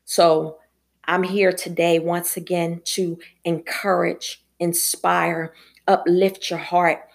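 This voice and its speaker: A middle-aged woman with a somewhat low-pitched voice, speaking as a podcast evangelist. She shares family memories earnestly, then swells into fervent, emphatic preaching to encourage her listeners. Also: little pitch movement, takes it slowly, vocal fry. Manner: earnest, personal storytelling that rises into emphatic preaching.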